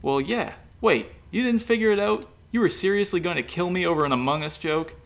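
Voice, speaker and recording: A careless young schemer with an offhand, shrugging delivery, as a male storyteller puts him on. The voice is gravelly and stays casual. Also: mid-range voice, steady tone, fairly quick, fairly bright tone. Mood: nonchalant.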